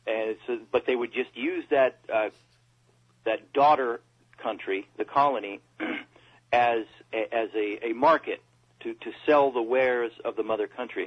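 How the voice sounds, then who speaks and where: A man co-hosting a casual talk radio discussion, who pauses and repeats words as he talks. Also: medium pitch. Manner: reads quotes aloud, pauses and repeats words. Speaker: co-host. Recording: dull lo-fi radio audio.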